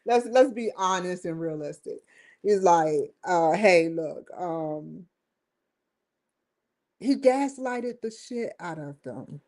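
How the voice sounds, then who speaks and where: Brief: woman host of a one-person stream show, slow, chatty, laughs a lot, easily sidetracked. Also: mid-range voice, animated, warm tone. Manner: rambling, jokey, laughs often. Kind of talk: casual livestream chat.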